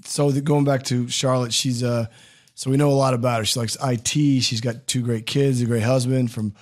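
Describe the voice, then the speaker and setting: A man's voice: mid-range voice, steady tone, moderate pace. Joking, rambling male podcast host. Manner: joking, rambling, laughs a lot. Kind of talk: casual interview chat.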